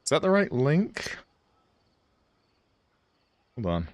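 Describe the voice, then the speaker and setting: A man's voice: medium pitch, very animated, slow, no room sound. A man streaming a game, chatting casually and rambling with his viewers. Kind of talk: casual livestream chat.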